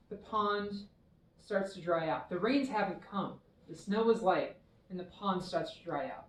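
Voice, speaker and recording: Woman telling a temple story. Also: fairly high pitch. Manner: warm, expressive storyteller. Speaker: temple minister. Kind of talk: children's dharma talk, storytelling. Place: temple hall. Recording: echoey hall, mic far off.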